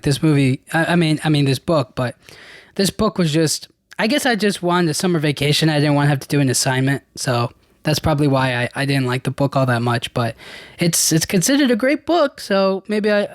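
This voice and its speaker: A man's voice: a little high, fast talker, no echo, clean studio sound. Rambling casual male podcast host. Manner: rambling, many restarts and fillers, casual slang. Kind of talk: casual solo podcast chat.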